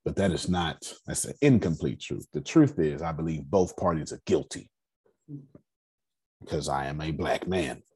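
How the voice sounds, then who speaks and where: A man with a rough, raspy voice hosts a relaxed group discussion. His voice sits low, and he speaks in a measured, emphatic cadence, leaning into each point. The tone stays steady and deliberate. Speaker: host.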